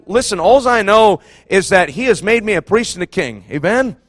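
A man preaching a fervent sermon, emphatic and impassioned, repeating phrases and surging to near-shouts. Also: high-pitched, lively intonation, moderate pace, no echo, clean studio sound.

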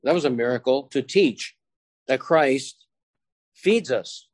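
Preaching to his congregation in an expressive, medium-pitched voice, a man slows his delivery and leans on key phrases while quoting scripture.

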